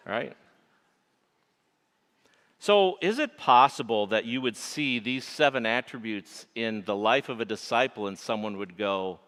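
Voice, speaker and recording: A middle-aged man with a nasal Michigan accent preaching a sermon, swinging between forceful emphasis and hushed asides. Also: mid-range voice, lively intonation, measured pace. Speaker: pastor. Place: church sanctuary. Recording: echoey church sanctuary.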